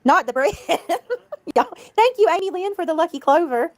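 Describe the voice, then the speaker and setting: A woman's voice: very high voice, animated, moderate pace. A woman livestreaming in casual chat, giggling, swearing freely and thanking her viewers.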